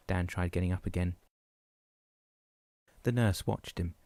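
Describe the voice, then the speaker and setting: A man reads a novel aloud in a steady, even manner, his voice low and mellow. The recording is dry and close. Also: measured pace, long pauses, no echo. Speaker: audiobook narrator. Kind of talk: audiobook narration.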